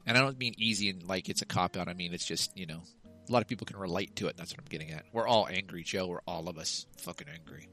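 A man co-hosting a casual comedy chat, ranting and swearing through his stories with quick asides. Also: low-pitched, expressive, creaky, pushed and bright, faint music behind. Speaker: podcast co-host.

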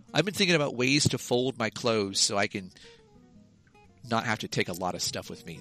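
Man, podcast co-host, bright tone, rambling jokey chat, faint background music. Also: mid-range voice. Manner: rambling, profane, jokey storytelling. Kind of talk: casual chat.

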